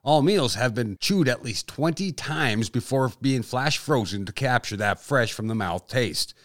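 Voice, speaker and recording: A man's voice: mid-range voice, expressive, unhurried, a bit bright, no echo, studio quality. A man voicing a male commercial announcer with a polished ad-read delivery. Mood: salesy.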